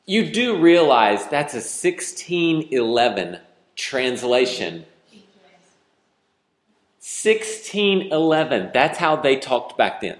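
A man in his forties preaches to his congregation at a slow, deliberate pace. He talks casually and keeps throwing questions at the room. His voice carries a roomy church echo. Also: on the high side, animated. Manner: conversational, teasing the congregation with questions. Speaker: pastor. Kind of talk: sermon. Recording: echoey church hall.

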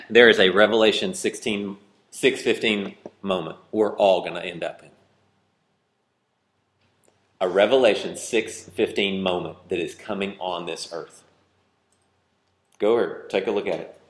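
A man's voice: low voice, a little slow, long pauses, a bit bright, reverberant. A man preaching a sermon, reading scripture aloud and arguing over it with growing intensity. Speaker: pastor.

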